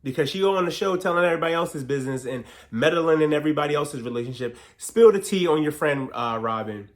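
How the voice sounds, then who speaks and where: A man recapping a reality TV episode in casual, slangy talk, animated and quick to act out what the cast members said. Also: on the high side.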